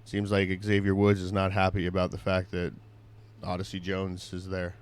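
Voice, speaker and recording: A man in a casual podcast chat, speaking in a relaxed and matter-of-fact way. He agrees readily and keeps his points plain. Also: low-pitched, moderate pace, smooth. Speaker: podcast co-host. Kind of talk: casual wrestling recap chat.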